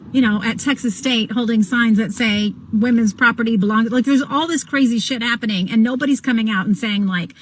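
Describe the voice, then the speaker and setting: A woman's voice: on the high side, poor audio. A woman ranting angrily and bluntly to camera, swearing often.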